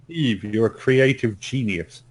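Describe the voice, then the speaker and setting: A man's voice: mid-range voice, measured pace, breathy edge. A man co-hosting a casual podcast, joking playfully, swearing and laughing along. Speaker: podcast co-host. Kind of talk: casual chat.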